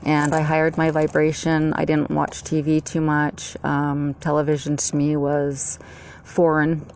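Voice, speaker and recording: A woman's voice: deep voice, monotone, measured pace, darkish tone, slight background noise. A middle-aged American woman rambling through a personal monologue to camera, full of fillers and restarts. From United States. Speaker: vlogger.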